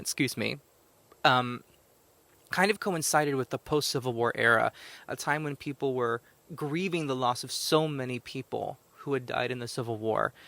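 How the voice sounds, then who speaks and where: A man's voice: mid-range voice, vocal fry, fairly bright tone. Chatty man podcasting outdoors. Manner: chatty, rambling, self-correcting. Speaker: podcast host, psychic medium. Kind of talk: casual solo podcast. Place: outdoors in a cemetery. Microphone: handheld microphone recorded to a tablet.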